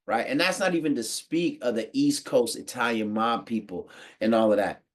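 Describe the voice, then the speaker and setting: An American man giving a casual, slangy monologue to the camera, animated and quick to laugh. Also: mid-range voice. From United States. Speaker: podcast host.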